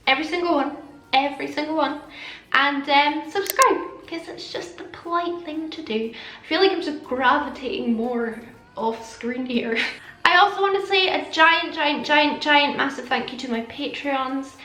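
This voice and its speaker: A woman's voice: high-pitched, measured pace, sharp tone, roomy sound. A young Scottish woman, a beauty vlogger, chatting casually to camera with a slight lisp. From Scotland.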